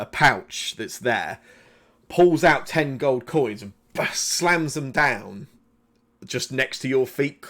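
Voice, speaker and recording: A man's voice: mid-range voice, a bit bright. A man running a live tabletop game as game master, narrating in a loose, conversational way with plenty of ums and likes.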